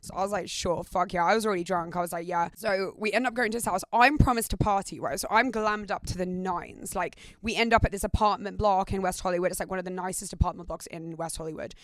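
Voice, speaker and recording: A woman's voice: fairly low pitch, fast, hardly any pauses, no echo. A young British woman hosting a podcast, telling candid stories in a casual, sweary way with lots of "like". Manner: candid, sweary, heavy use of "like". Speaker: podcast host. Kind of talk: casual storytelling chat.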